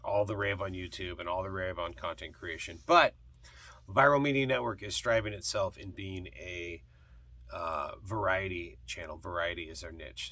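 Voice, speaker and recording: Rambling male vlog host, bright voice. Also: sits low. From partly Scottish heritage. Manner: rambling, with many fillers and restarts. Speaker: vlog host reviewing thrift-store records. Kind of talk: casual chat.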